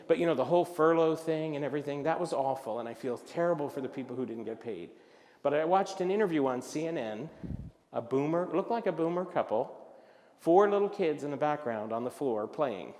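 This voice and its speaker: An older man giving a lively, humorous talk at a luncheon, acting out the people in his stories. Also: a little high, a little fast. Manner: animated, acts out voices of others in his stories. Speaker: luncheon speaker. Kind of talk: comic storytelling talk. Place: event hall. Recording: reverberant hall.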